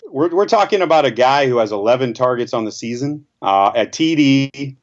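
A man co-hosting a podcast as a stats analyst, measured and hesitant with many fillers. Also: mid-range voice, expressive, lo-fi sound. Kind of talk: casual podcast discussion.

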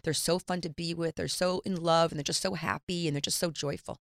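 Middle-aged woman, casual storytelling, lowish pitch, dry studio sound. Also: fairly quick, vocal fry, dry recording. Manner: animated storyteller, acts out quoted lines. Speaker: reality TV personality, guest. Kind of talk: casual chat, personal storytelling.

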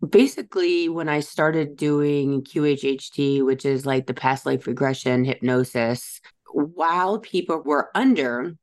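A middle-aged woman hosting a spiritual podcast, a little hoarse, rambling casually with many fillers and restarts. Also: low voice. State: slightly hoarse from yelling. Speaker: podcast host and psychic medium.

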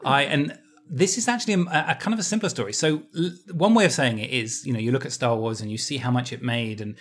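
A man co-hosting a podcast who tells stories in an animated way, laughing easily and restarting his phrases. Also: mid-range voice, fast talker. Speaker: podcast co-host. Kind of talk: casual podcast chat.

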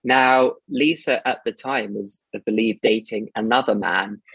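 A man with a posh English accent chatting casually, speaking in a measured, hedging way. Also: lowish voice, fairly even intonation, creaky, fairly bright tone, breathy edge, no echo, poor audio. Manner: measured, hedging with "sort of" and "as such". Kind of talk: casual chat.

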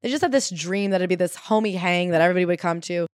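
Animated gossipy woman co-host, dry sound. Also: on the low side, fast, no room sound. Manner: gossipy, animated, reads quotes aloud. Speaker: podcast co-host. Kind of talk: casual book-discussion chat.

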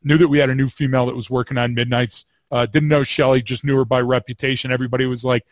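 A man recounts an old police chase in a relaxed, wry way, with an average-pitched voice. He stumbles and repeats words as he starts a thought, then rolls into punchy jokes. The sound is dry and close. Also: fast, no echo. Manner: animated storyteller, wry humor, repeats words when starting. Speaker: podcast co-host, former police field training officer. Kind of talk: casual storytelling chat.

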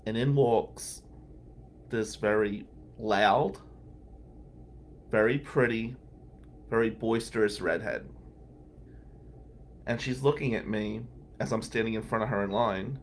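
Gravelly man telling a story. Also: on the low side, slow, long pauses, a little hiss or hum. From New Jersey. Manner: candid, wry, laughs between lines. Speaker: podcast host and lawyer. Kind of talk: personal storytelling tribute.

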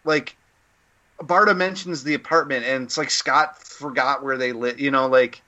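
A man's voice: mid-range voice, steady tone, moderate pace, sharp tone, lo-fi sound. A man co-hosting a casual podcast discussion, giving an opinionated, rambling critique full of fillers and restarts. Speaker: podcast co-host.

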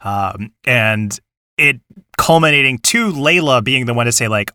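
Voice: mid-range voice, animated, unhurried, pushed and bright, clean tone, no echo, clean studio sound. A podcast co-host in a casual chat about a TV show, thoughtful and analytical, laughing often.

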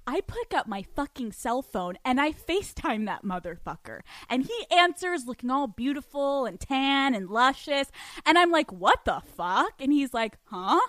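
A young woman hosting a podcast, telling a story in an animated, profane way with lots of laughter. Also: fairly high pitch, dry recording. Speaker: podcast host. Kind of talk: storytelling monologue.

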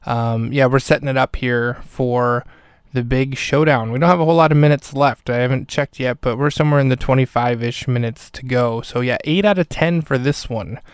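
A man hosts a podcast and recaps a movie scene by scene in a chatty, wry manner. His voice is smooth and clear. The sound is dry and close, with no room around it. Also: medium pitch, moderate pace, hardly any pauses, no room sound. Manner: chatty, wry, mock-serious ad voice. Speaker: podcast host. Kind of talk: casual episode recap and mock ad read.

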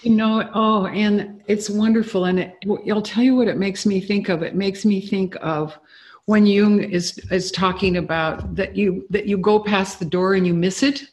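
A man's voice: high-pitched, steady tone, normal speed. A man taking part in a reflective group discussion, speaking eagerly and jumping from idea to idea. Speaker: discussion participant.

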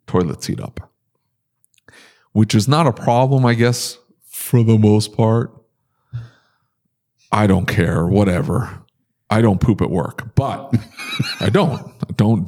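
A man's voice: lowish voice, darkish tone. A man telling stories in a casual podcast chat, ranting with exasperation and big jumps in his voice.

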